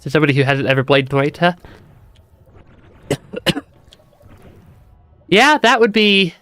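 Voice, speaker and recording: A man's voice: fairly high pitch, big pitch swings, takes it slowly, a bit bright. A man streaming a game with a stuffy nose, chatting casually, laughing often and restarting his sentences. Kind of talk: casual gameplay commentary.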